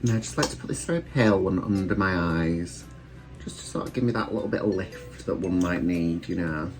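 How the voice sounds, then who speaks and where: A deep-voiced British man rambles cheerfully through his makeup routine, teasing himself along the way. Faint background music plays beneath his relaxed chat at home. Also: a little fast. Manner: chatty, rambling, self-deprecating. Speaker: drag queen vlogger. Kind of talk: casual get-ready-with-me chat while doing makeup. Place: room at home.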